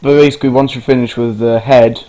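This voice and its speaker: A man talks through a game tutorial in a loose, rambling way. He wanders off track and swears now and then. His pitch sits in an ordinary middle range. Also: steady tone, fast talker, warm tone, poor audio. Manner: rambling, informal, swears casually. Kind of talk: casual screen-recorded game tutorial.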